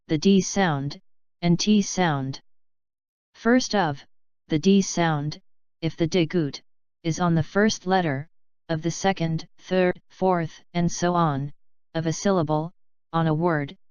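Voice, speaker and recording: A woman teaching a lesson in a very slow, deliberate way, explaining one rule at a time in a lowish, very clear voice. The sound is dry and close, but a bit dull and lo-fi. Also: a little mellow, no room sound. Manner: slow, deliberate, spelling out rules. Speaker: language teacher. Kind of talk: step-by-step lesson narration.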